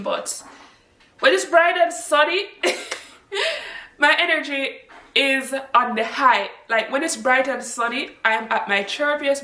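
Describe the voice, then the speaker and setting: A woman from Jamaica talks casually to her viewers from home, laughing easily. Her voice sits high and sounds bright, and she swoops up high when she gets excited. She is recorded a little away from the mic in an echoey room. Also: far from the mic. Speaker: vlogger. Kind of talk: casual chat to camera.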